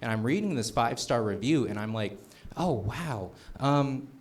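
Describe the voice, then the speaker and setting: Halting self-mocking young comedian man. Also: medium pitch, lively intonation. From northern Colorado, USA. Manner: halting, self-deprecating, many uh restarts. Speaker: stand-up comedian. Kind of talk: stand-up set with crowd work. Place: comedy club stage.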